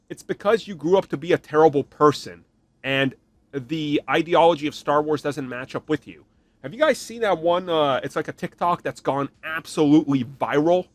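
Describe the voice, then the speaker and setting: A man hosting a podcast, giving an animated, opinionated rant and mocking other fans in put-on voices. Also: on the high side, normal speed. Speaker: podcast host. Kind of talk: opinionated solo commentary.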